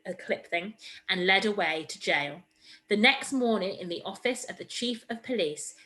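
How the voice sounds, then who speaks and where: A woman's voice: fairly low pitch, bright, forceful tone, rough recording. A woman teacher giving a recorded reading lesson, encouraging and explaining step by step. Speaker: primary school teacher.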